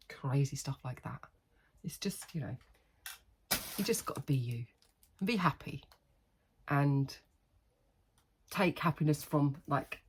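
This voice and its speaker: A middle-aged woman, chatting casually and rambling in a haul vlog, laughing often. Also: sits low. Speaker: haul vlogger.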